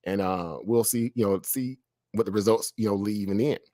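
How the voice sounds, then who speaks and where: A man's voice: on the low side, fairly quick, dark tone, dry recording, studio quality. A man hosting a casual stock trading live stream, talking conversationally and tagging many phrases with "right?". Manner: conversational, frequent "right?" tag questions, laughs between phrases.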